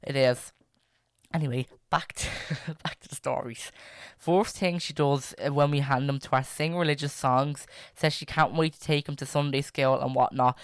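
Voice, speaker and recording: A man's voice: medium pitch, fairly even intonation, normal speed, clean tone, no room sound, clean studio sound. A young man, chatting casually and reading stories aloud as a podcast host, rambling with many fillers and restarts.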